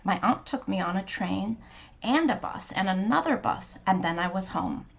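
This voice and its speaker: A woman reading a children's storybook aloud in a soft, gentle, sometimes whispery manner. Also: medium pitch, animated, moderate pace, creaky.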